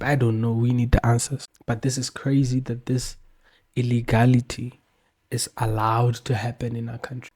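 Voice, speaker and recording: A man's voice: mid-range voice, a little mellow. A man from South Africa hosting an opinionated commentary show, talking emphatically with slangy repetition.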